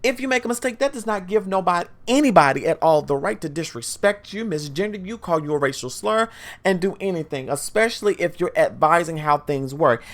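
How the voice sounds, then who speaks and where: A woman's voice: fairly low pitch, animated, brisk. A woman hosting a podcast, telling a story in a monologue and speaking emphatically and directly to her listeners. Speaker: podcast host.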